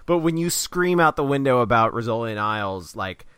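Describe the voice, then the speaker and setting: A man's voice: mid-range voice, expressive, fairly quick, fairly bright tone, clean tone, no echo, clean studio sound. A man co-hosting a comedy podcast, riffing on absurd improvised bits in casual chat. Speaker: podcast co-host.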